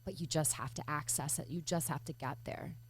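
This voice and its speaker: A woman from Michigan speaking earnestly in an interview, reflective and searching, often pausing with fillers and restarting her thoughts. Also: low-pitched, vocal fry, slightly rough. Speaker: podcast guest.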